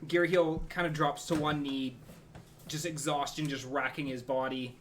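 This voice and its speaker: A man's voice: on the high side, fairly even intonation, moderate pace, a bit bright, slight background noise. A man narrating as game master in a casual, rambling way.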